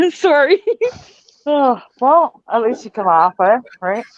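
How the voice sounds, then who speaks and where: Slow-talking giggly woman, lo-fi. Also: on the high side, very animated, dry recording. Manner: giggly, easily amused. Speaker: live stream host. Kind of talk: casual chat.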